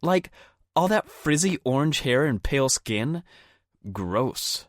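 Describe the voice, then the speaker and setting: A male audiobook narrator voicing a snide, whiny teenage girl with a shrill Valley Girl manner. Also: big pitch swings, slow, no echo, studio quality. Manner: scoffing, whiny, mocking. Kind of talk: audiobook character voice.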